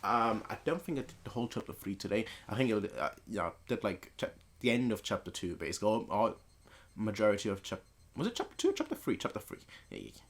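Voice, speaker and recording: A man's voice: fairly low pitch, very animated, fast. A man hosting a let's play, reading a visual novel aloud with rambling, self-correcting commentary.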